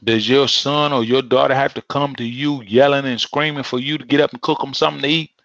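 A man's voice: mid-range voice, fairly even intonation, a little fast, vocal fry, fairly bright tone, no room sound. A man preaching a sermon in a conversational, emphatic way, repeating phrases for effect. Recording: dull lo-fi sound.

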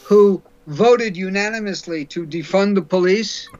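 Blunt, high-voiced man on dull radio audio. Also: unhurried, a little mellow. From New York. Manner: folksy, blunt and sarcastic, with stumbling restarts. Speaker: guest commentator. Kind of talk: radio talk commentary.

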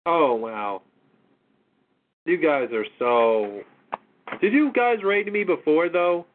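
A man's voice: on the high side, lively intonation, takes it slowly. A man hosting a casual call-in show, exasperated and mocking, swearing often. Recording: tinny phone-line audio.

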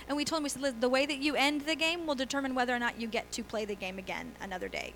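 A woman's voice: sits high, racing, hardly any pauses, poor audio. A middle-aged woman pastor preaching a sermon in a church, telling stories in a chatty way with laughs and quoted voices. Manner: conversational storytelling with laughs and acted quotes.

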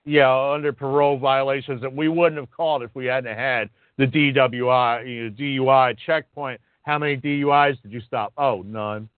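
A man co-hosting talk radio, ranting with indignation and some swearing. His voice is mid-pitched and comes through a tinny, phone-like line. The sound is dry and close. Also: fairly even intonation, normal speed, few pauses, dry recording. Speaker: radio show co-host. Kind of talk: casual talk radio chat.

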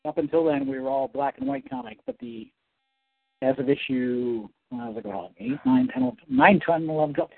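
A man, a comic book writer, talking as a guest in a casual interview, animated and rambling. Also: on the high side, a little fast, creaky, no room sound. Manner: animated, rambling, self-correcting. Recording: dry, tinny phone-like sound.

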